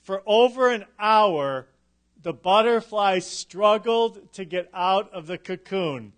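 A middle-aged man preaching a sermon, emphatic and unhurried, with dramatic pauses and touches of humor. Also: sits high, expressive, a bit bright. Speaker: pastor.

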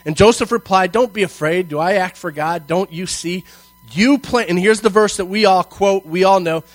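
Guy preaching a sermon, kinda high voice, chatty, leans hard on the big lines. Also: no echo, poor audio. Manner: conversational, emphatic, frequent "okay?" check-ins; slows and stresses key phrases, rising in intensity. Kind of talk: sermon with scripture reading.

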